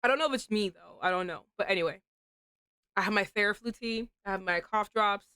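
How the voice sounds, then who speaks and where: A woman streamer chatting casually to her viewers while getting over a cold, with a slight rasp in her throat, giggly and chatty with sudden animated outbursts. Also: mid-range voice, fairly quick, no echo. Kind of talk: casual live-stream chat.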